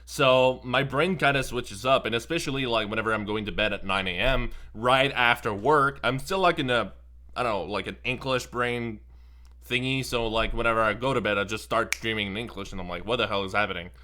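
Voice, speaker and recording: Man, bright rambling voice. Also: mid-range voice, fairly quick. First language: French. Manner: rambling, full of fillers. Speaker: podcast panelist. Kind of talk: casual chat.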